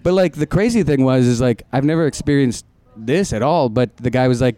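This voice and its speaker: A man's voice: mid-range voice, a little fast, a little mellow, no echo. A young man, a comedian, telling a rambling story in casual group chat, laughing often and acting out quotes.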